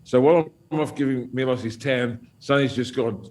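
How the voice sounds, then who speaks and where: A man's voice: mid-range voice, normal speed, a little hiss or hum. Profane man spinning stories. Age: middle-aged. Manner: animated, profane, laughs through his stories. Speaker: guest storyteller. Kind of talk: casual round-table storytelling.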